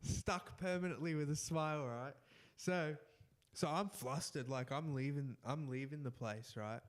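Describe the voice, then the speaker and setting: A young man tells a story with plenty of laughter and repeated restarts. His voice sits a little high, and he keeps the tone of a casual chat between friends. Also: unhurried. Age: young adult. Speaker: podcast co-host.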